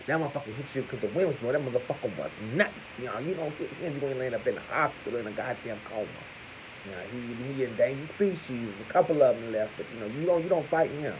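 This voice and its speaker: Animated, foul-mouthed man vlogging. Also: medium pitch, quick pace, slight background noise, poor audio. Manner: animated, crude, keeps calling out "Hello!"; addresses viewers as "y'all". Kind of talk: profane celebrity gossip commentary.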